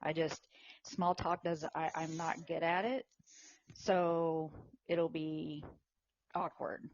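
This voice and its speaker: A woman's voice: sits low, flat delivery, slow, lo-fi sound. A woman in a casual chat, talking in a dry, reserved way.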